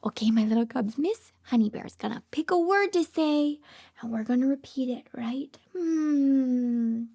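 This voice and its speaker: A woman speech therapist reading a picture book aloud to toddlers, animated and sing-song, with frequent gasps and hushed whispered asides. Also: high voice, a little slow, gravelly.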